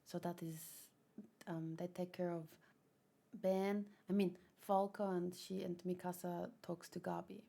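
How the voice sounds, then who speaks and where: A woman casually reading a manga aloud and commenting in soft, murmured asides. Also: lowish voice, little pitch movement, unhurried, vocal fry. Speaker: manga reader. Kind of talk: casual read-along commentary.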